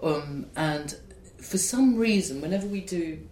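A man's voice: animated, a little slow, a little mellow. A man, a playwright, being interviewed, explaining his work in a reflective, discursive way. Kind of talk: conversational interview. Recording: echoey room with faint rumble.

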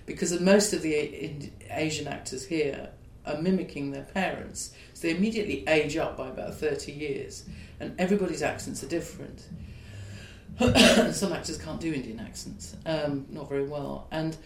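Reflective man in an echoey room. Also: normal speed. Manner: reflective, discursive explaining. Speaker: playwright being interviewed. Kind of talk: conversational interview. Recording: echoey room with faint rumble.

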